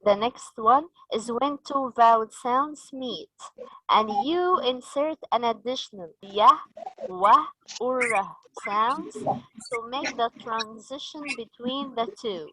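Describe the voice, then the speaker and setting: A woman's voice: fairly high pitch, takes it slowly, noisy background. A woman running a teacher-training session, patiently explaining and asking the group questions. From Egypt.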